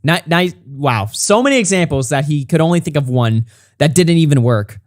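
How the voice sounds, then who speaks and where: A man's voice: a little high, lively intonation, moderate pace, no room sound, studio quality. A man streaming, reacting to a critic's video with mocking, sarcastic, heavily profane commentary. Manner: mocking, sarcastic, heavy swearing.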